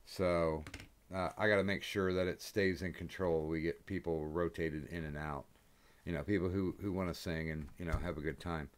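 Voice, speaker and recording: A man hosting a casual stream chat, relaxed and rambling, with many hesitations. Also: sits low, normal speed. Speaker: stream host.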